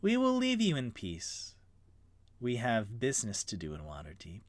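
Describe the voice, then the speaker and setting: A man's voice: medium pitch, huge pitch swings, moderate pace, no echo. A man voicing an elegant, conniving female fey leader in a tabletop game, silky and teasing, sometimes dropping to a whisper.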